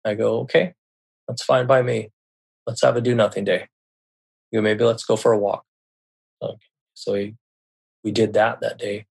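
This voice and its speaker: A middle-aged American man, a podcast guest, candidly tells a painful family story, recounting dialogue, swearing freely, repeating himself and restarting often. His voice is on the low side with little pitch movement, vocal fry, a breathy edge and a darkish tone. He speaks at normal speed and pauses often.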